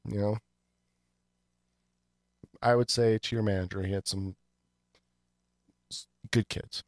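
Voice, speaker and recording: A man with a lowish voice chatting casually as a podcast co-host. He rambles loosely and swears freely. The recording is close and dry. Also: fairly even intonation, slow, no room sound. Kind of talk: casual chat.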